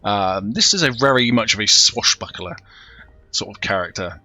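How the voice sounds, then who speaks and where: A young man narrating a tabletop game as game master, describing scenes in a relaxed way with many fillers. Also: on the low side, normal speed, no room sound.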